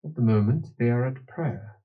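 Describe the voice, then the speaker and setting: A man voicing a stern older commander who speaks in a quiet, curt, clipped way. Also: mid-range voice, moderate pace, phone-quality sound, close to an everyday voice.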